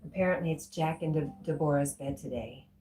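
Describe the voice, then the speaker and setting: A woman's voice: low voice, brisk. A woman hosting a casual livestream, reading viewers' comments aloud and answering them. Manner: warm, reads chat comments aloud, gets emotional. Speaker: livestream host reading chat.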